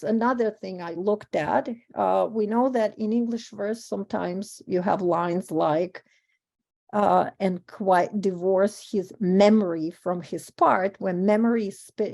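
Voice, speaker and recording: Russian-native woman academic, middle-aged, warm mellow timbre, lectures with ums and restarts. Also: mid-range voice, creaky. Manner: thoughtful, with frequent ums and self-corrections. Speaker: panel speaker on verse translation. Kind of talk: academic conference talk.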